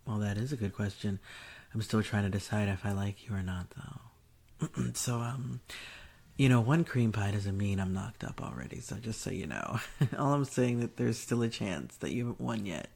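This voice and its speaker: A woman in a teasing, breathy whispered role-play, taunting the listener. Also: rumbling low, moderate pace, warm tone. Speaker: erotic audio performer.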